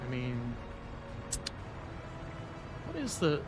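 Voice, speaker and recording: Slow, lively-pitched man narrating gameplay. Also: loud music behind the voice. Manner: rambling, joking asides to himself. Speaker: gaming video host. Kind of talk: casual let's-play commentary.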